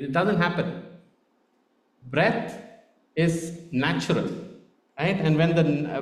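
Speaking with an Indian accent, this male preacher keeps his sermon conversational and tags many lines with "right?" His voice is a little high and echoes with reverb.

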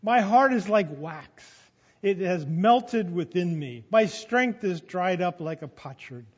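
A man with a high voice preaches a sermon, dropping quiet and then rising loud when he quotes scripture. The recording is dull and muffled, with a long reverb trailing through a church hall. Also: animated, slow, breathy edge.

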